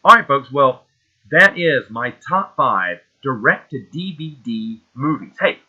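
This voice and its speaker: Excitable male host with a sharp, bright voice riffing on movies, recorded a bit dull and lo-fi. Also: mid-range voice, slow pace. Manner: enthusiastic, rambling, loses names mid-sentence. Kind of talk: casual solo movie talk.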